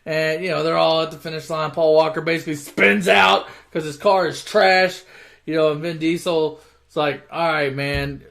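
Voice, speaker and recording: A man with a somewhat high-pitched voice tells a movie plot as an offhand comic story. He swears freely and keeps stopping to correct himself, in a relaxed, unscripted way. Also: normal speed, gravelly. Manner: profane, offhand, self-correcting. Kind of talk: casual comic movie retelling.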